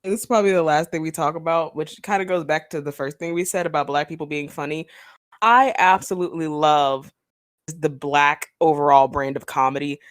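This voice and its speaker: A woman with a low voice co-hosts a podcast in easygoing chat. She is chatty and laughs often, with plenty of ums and likes. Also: a little fast. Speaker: podcast co-host. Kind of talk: casual chat.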